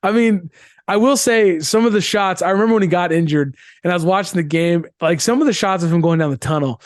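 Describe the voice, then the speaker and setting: High-voiced emphatic male sports podcaster. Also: a little fast, no room sound, clean studio sound. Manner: emphatic, opinionated, repeats points. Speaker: podcast co-host. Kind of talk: casual sports chat.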